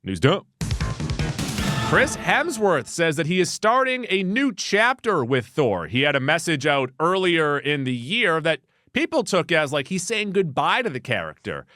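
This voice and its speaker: Male podcast co-host, wry and joking, with an animated, lively pitch. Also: a little slow, no echo, studio quality, faint music behind. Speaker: podcast co-host reading the news. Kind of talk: casual movie news chat.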